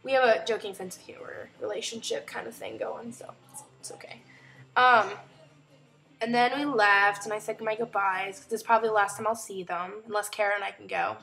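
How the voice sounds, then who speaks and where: Telling a chatty story in an animated way, this young vlogger at home performs other people's lines in their voices as part of a casual vlog. Her medium-pitched voice is brisk with some vocal fry, and faint music plays behind her.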